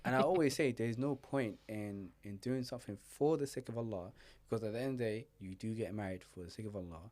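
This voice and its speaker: A young man talks quickly in a low voice, chatting on a podcast as a relationship coach. He tells stories with lively acted-out voices. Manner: animated storyteller, acts out friends' voices. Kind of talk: casual podcast chat.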